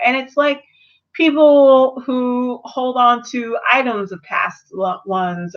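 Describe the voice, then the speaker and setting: Young woman, casual reviewer, lively storyteller, slightly dull lo-fi home audio. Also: medium pitch. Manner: animated, acts out characters in quotes. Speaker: video reviewer.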